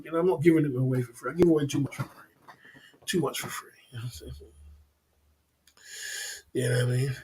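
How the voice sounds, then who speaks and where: A man's voice: fairly high pitch, a little mellow. A man hosting a casual livestream, rambling and laughing a lot, with plenty of slang. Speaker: livestream host.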